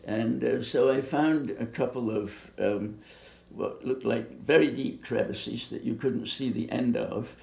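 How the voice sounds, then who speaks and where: An older man from Bermuda recalling his youth in an oral history interview, speaking haltingly with many pauses and fillers. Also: mid-range voice, gravelly, darkish tone. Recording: echoey room.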